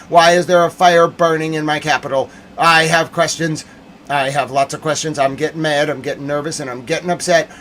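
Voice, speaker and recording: Male stream host with a raised pitch, ranting and demanding answers on the news. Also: fairly bright tone, slight background noise. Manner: indignant, demanding rant. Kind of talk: livestream news commentary.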